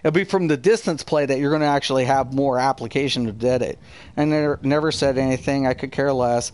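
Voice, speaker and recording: A man's voice: mid-range voice, fairly quick, a little mellow, smooth. A man hosting a live gaming stream, ranting heatedly and profanely while answering his chat. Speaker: gaming streamer and channel host.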